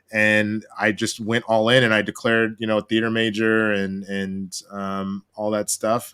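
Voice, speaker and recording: A man from Texas, a guest actor, chatting casually on a video call and telling animated, profane stories. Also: fairly low pitch, clear, resonant tone.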